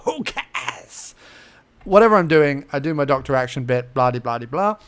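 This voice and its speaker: A man's voice: medium pitch, animated, fast talker, a bit bright, clear, resonant tone. A young man hosting a casual screen-recorded tutorial, chatty and playful, talking to himself as he clicks through menus. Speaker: podcast host giving a tutorial.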